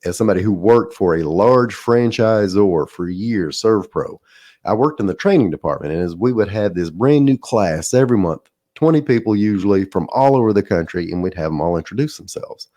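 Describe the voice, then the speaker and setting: A man's voice: on the low side, animated, a little fast, dark tone, no room sound, clean studio sound. A man in his forties hosting a solo podcast, telling business stories in a conversational way with self-deprecating asides. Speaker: podcast host.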